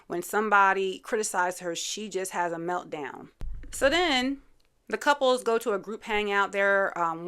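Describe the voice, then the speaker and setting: A woman's voice: medium pitch, fairly bright tone, clean tone. A woman hosting a casual reality TV recap, chatty and opinionated, full of fillers and asides. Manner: chatty, opinionated, lots of "you know" fillers.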